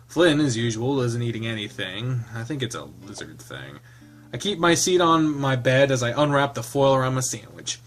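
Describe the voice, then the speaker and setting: A man reads a visual novel aloud for his channel, rambling into side stories with plenty of filler words. His voice sits at an ordinary middle pitch, loose and conversational. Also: fairly bright tone. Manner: chatty, laughing, rambling with fillers. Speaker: let's player.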